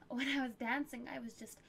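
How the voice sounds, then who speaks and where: A woman's voice: fairly high pitch, steady tone, moderate pace, a bit bright, a little hiss or hum. A young woman streamer chatting casually while answering viewer questions, full of fillers and laughter. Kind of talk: casual chat.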